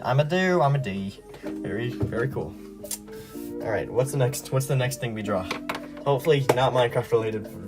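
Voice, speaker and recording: A young man chatting casually on a livestream while he draws, rambling and laughing at himself. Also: lowish voice. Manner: rambling, giggly, self-deprecating. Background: background music.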